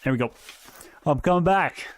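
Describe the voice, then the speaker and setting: A man hosting a live stock market stream, talking excitedly, laughing often and restarting his sentences, a little out of breath. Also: on the high side, normal speed. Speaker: stock market livestream host. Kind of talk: casual livestream talk.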